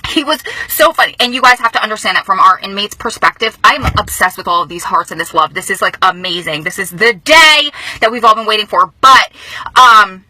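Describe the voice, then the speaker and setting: A woman vlogging from a car, telling news in a casual, emotional and excited way, often speeding up. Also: mid-range voice, no echo, poor audio. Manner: excited, emotional, talks fast in bursts. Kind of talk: casual vlog storytelling. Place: inside a car.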